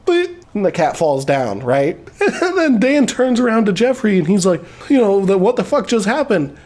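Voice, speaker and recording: A man with a slightly high voice recaps a film in loose, everyday chat. His talk is rambling and full of swearing, broken up by chuckles. It sounds offhand and unscripted. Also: darkish tone. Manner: profane, laughing, rambling retelling. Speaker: movie reviewer.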